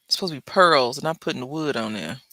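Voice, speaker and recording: Chatty woman with a bright, dry voice. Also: animated, fast talker, no echo. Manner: chatty storyteller, acts out quoted lines with big pitch jumps. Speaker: crafting channel host. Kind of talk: casual chat while crafting.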